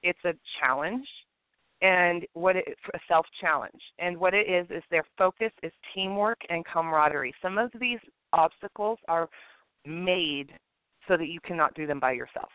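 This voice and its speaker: A woman's voice: on the low side, moderate pace, clear, resonant tone, no echo. Woman telling a story over a tinny line. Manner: animated, acts out the people in her story. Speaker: podcast co-host. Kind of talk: casual chat, personal storytelling. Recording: tinny phone-line sound.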